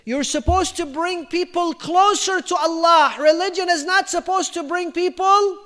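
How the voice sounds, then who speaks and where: A man giving a storytelling religious lecture, emphatic and repetitive, dropping his voice low for quoted lines. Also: normal speed, a bit bright. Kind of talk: storytelling sermon. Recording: reverberant lecture hall.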